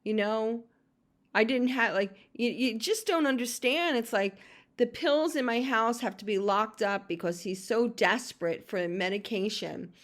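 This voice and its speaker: In a fairly high voice at a slightly slow pace, a middle-aged woman, both caregiver and podcast host, recounts a personal story. It's an emotional, venting monologue punctuated by heated outbursts and frequent cursing.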